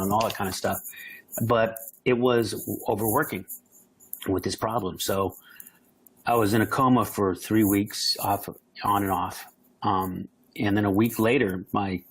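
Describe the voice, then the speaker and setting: A man's voice: on the low side, husky, low-quality recording. A man telling stories in an interview, acting out the voices of people he quotes. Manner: animated, acts out quoted voices. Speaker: guest. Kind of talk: storytelling interview.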